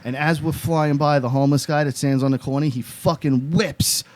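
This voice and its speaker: A man's voice: on the high side, normal speed, dry recording. A man in his thirties co-hosting a casual chat, telling stories with lots of swearing and acted-out quotes. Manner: animated storyteller, swearing, acts out quotes. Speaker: podcast co-host.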